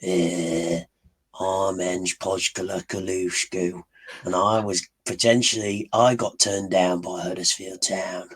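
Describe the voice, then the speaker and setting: A hoarse man putting on a playful Australian accent as a jokey bloke. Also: low voice, level tone, slow pace, exaggerated voice, rough recording. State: hoarse from illness.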